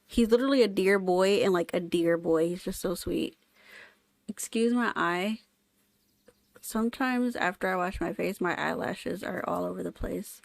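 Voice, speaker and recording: A woman's voice: on the low side, normal speed, gravelly, no echo. A young adult woman streaming a game, chatting casually about the story and reading dialogue aloud. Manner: chatty, giggly, self-aware. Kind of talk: casual let's-play commentary and dialogue reading.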